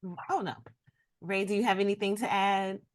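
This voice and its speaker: A woman in a casual chat, speaking thoughtfully and with some halting restarts. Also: mid-range voice, steady tone.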